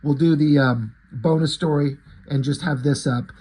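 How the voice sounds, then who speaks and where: Man, casual comic reviewer, rambling, husky, slightly high voice. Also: fairly even intonation, normal speed, mellow. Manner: rambling, crude, many fillers and restarts. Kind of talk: casual chat.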